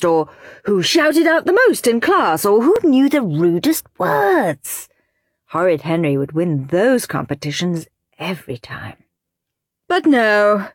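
A woman reading a children's storybook aloud with expressive narration. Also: mid-range voice, no echo, studio quality.

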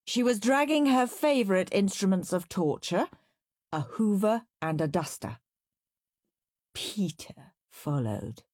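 A woman reading a children's story aloud, expressive and playful. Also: mid-range voice, takes it slowly, no echo, studio quality.

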